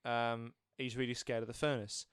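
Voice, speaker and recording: A man's voice: medium pitch, normal speed, smooth, no echo, studio quality. A man in casual chat about a film, retelling scenes and acting out the characters' lines. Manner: animated storytelling, acting out scenes. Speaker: film reviewer.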